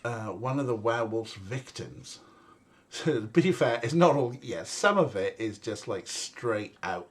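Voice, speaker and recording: A man's voice: medium pitch, lively intonation, measured pace. A young man casually commentating a game, rambling and joking and laughing often. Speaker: let's play streamer.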